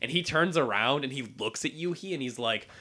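A man co-hosting a casual podcast chat, swearing freely and acting out characters in quick put-on voices as he recaps a story. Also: mid-range voice. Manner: animated, profane, acts out characters in quick voices. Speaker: podcast co-host.

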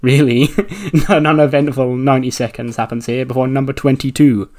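A man gives loose, play-by-play narration of a wrestling game playthrough. He talks casually, chuckling often and throwing in the odd swear word. His voice sits at an ordinary middle pitch. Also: steady tone, moderate pace, a little mellow.

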